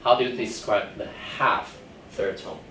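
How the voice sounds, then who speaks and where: A man's voice: fairly low pitch, a little slow, fairly bright tone. A man teaching a Chinese class, explaining the rules patiently step by step and checking whether students understand. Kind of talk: classroom lecture. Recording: echoey classroom from far off with faint noise.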